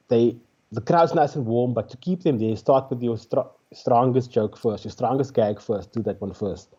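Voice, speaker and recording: A young comedian telling stories as a guest in a casual interview, with lots of fillers and restarts. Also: male voice, mid-range voice, lo-fi sound. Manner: animated storyteller with frequent fillers and restarts. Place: remote call during lockdown.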